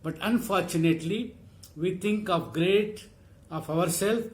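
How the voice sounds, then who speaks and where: A man preaching a sermon, reading scripture and repeating phrases slowly for emphasis. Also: high voice.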